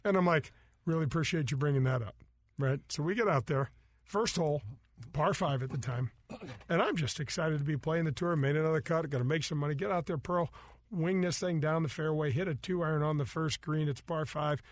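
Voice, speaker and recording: Animated storytelling golf host, man. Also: a little high, fairly quick, no room sound. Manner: animated storyteller, acts out voices, laughs often. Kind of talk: casual storytelling chat.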